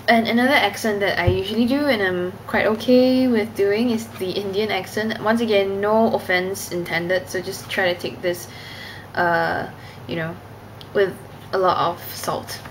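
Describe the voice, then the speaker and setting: A woman's voice: medium pitch, fairly even intonation, normal speed, rough recording. This is a young woman with Cantonese as her first language, chatting in a casual vlog. She rambles and is giggly and self-conscious. The voice is in a middle register, with faint background noise. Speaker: vlogger.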